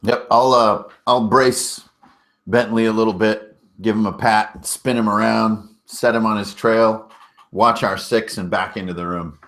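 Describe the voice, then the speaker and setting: A man with a somewhat low voice plays in a tabletop game. He lists his character's actions in short, clipped bits and stumbles a little when he asks questions. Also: steady tone, unhurried, a bit bright. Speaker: player.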